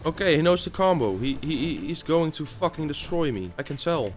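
A man's voice: fairly high pitch, expressive, brisk, soft background music. A man giving live gameplay commentary, swearing constantly and raging at his opponents, often stammering and repeating himself. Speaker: gaming YouTuber.

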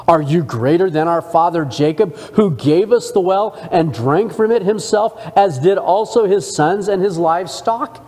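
A man's voice: sits high, normal speed, hardly any pauses, warm tone, big-room sound. A man teaching a church discipleship class, reading scripture aloud and stopping to comment in a conversational way. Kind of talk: Bible study sermon. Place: church sanctuary.

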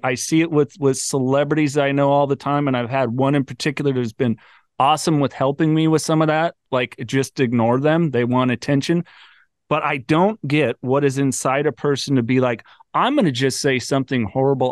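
A man's voice: medium pitch, no room sound. Blunt man hosting a podcast, dry sound. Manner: blunt, swears casually, rambling. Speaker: podcast host. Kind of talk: casual interview chat.

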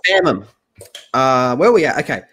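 A man hosting a laid-back reaction podcast, reading items aloud and cracking crude jokes at his co-hosts. His voice sits at an ordinary middle pitch. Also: sing-song, a little fast, pushed and bright, a little hiss or hum. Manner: joking, profane, banter with co-hosts. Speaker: podcast host reading news and chat.

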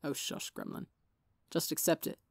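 Woman reader voicing a laid-back teasing young man, faintly gravelly. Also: low voice, brisk, dry recording, studio quality. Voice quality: slightly gravelly. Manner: teasing and relaxed. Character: teasing, easygoing young man, warm older-brother type.

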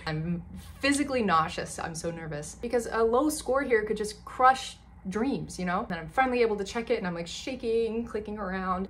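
A woman in her twenties, a medical student, chatting to camera in a lively storytelling way with many fillers. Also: mid-range voice, a little hiss or hum. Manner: chatty and animated, with lots of fillers and voiced asides.

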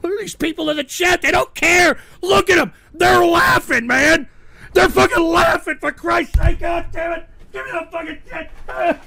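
High, gravelly man ranting on air. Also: steady tone, moderate pace. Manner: exasperated, profane, swings between yelling and weary muttering. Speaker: streamer hosting a comedy radio show. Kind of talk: comedic on-air meltdown rant.

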